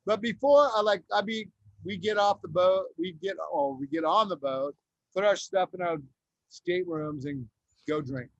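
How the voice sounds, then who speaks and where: A man's voice: high voice, normal speed, no room sound, highs cut off. A man chatting as a guest musician, telling loose anecdotes full of swearing. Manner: loose, profane storytelling. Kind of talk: casual chat.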